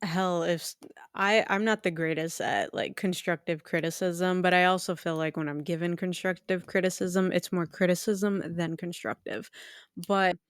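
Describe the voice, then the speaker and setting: A woman's voice: fairly low pitch, steady tone, normal speed, no room sound, clean studio sound. Chatty female podcast co-host. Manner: chatty, frequent fillers and self-corrections. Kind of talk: casual chat.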